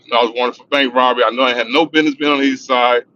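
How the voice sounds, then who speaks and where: A middle-aged Los Angeles man tells a rambling, profane street story on a livestream. His medium-pitched voice holds a steady tone but races along, bright and forceful. The recording sounds dull and lo-fi, with faint noise.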